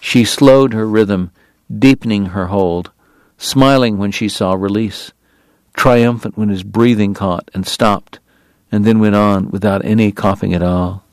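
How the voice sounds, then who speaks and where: Male audiobook narrator, deliberate, measured, fairly low voice, dry close sound. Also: fairly even intonation, no room sound. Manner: measured, deliberate, pausing on lists. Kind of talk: scripted novel narration.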